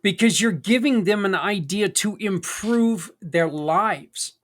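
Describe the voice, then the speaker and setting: A man's voice: high voice, takes it slowly, a bit bright. A middle-aged man hosting a podcast in a casual, folksy, rambling monologue. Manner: conversational, folksy, rambling with asides. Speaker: podcast host.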